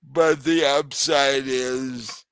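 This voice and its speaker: A game master narrates a tabletop horror session at a very slow, unhurried pace. He is a man who laughs often, and his voice is smooth and clear. The sound is close and dry. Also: medium pitch, steady tone, fairly bright tone, dry recording.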